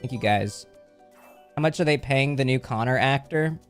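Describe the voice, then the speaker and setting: A man's voice: mid-range voice, normal speed. Man, livestream host, casual, joking, rambling, medium voice, faint background music. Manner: jokey, rambling, reads chat aloud and thanks subscribers.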